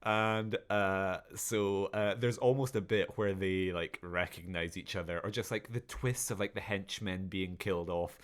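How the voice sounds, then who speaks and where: Low-voiced male podcast co-host, rambling and digressive, casual review chat. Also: steady tone, unhurried, few pauses, clean tone. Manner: rambling, digressive, laughs at his own jokes.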